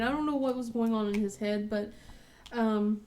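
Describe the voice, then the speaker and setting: A woman's voice: fairly high pitch, takes it slowly, pauses often, a little mellow, slight background noise. A woman in her thirties, a mother, chatting casually and laughing often as she tells a home story to her viewers. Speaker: crafting vlogger, mother.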